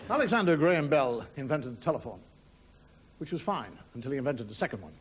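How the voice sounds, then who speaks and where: A man's voice: mid-range voice, sing-song, fast, over a noisy crowd. A middle-aged Irish man telling a wry stand-up story, acting out voices, in a 1990 TV studio with an audience. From Ireland. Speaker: comedian. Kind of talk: stand-up monologue. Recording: 1990 TV broadcast with audience noise. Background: audience laughter.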